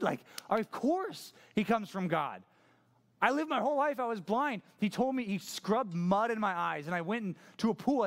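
A man voicing a sassy formerly blind man who is fed up with being asked the same question, sounding sarcastic and exasperated. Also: a little high.

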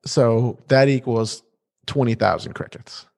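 A man's voice: mid-range voice, unhurried, creaky. A man co-hosting a podcast, recapping a TV episode in a playful, casual way. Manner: animated and playful, with restarts. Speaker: podcast co-host.

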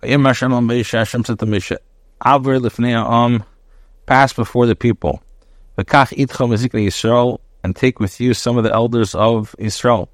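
A man's voice: medium pitch, steady tone, moderate pace, no room sound, clean studio sound. A man teaching a daily Bible lesson, reading Hebrew verses with Ashkenazi pronunciation and translating each phrase in short bursts. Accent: Hebrew in traditional Ashkenazi pronunciation. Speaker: rabbi teaching Torah with commentary.

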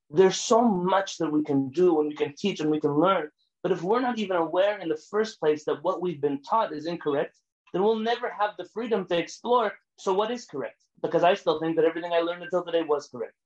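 A man, a rabbi, giving a lecture full of stories, animated and emphatic, sometimes rising almost to a shout. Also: fairly high pitch, a little fast, highs cut off. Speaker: rabbi teaching a class. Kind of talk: lecture with storytelling.

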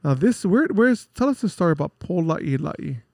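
Guy radio host, kinda high voice, chatty and excited, dry studio sound. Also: normal speed, gravelly, no echo. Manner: enthusiastic, chatty, introduces songs. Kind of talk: casual radio chat.

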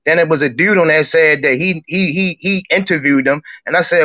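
A man's voice: on the high side, a little fast, pushed and bright. A man calling in to a live chat room, arguing in an emphatic, slangy, rambling way. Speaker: caller. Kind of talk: heated casual argument. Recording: dull lo-fi line.

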